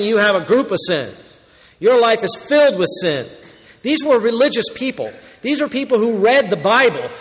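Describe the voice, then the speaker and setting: A man preaching a verse-by-verse sermon, swinging between loud emphatic warnings and quiet low asides. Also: big-room sound. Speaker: pastor. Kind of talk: expository sermon.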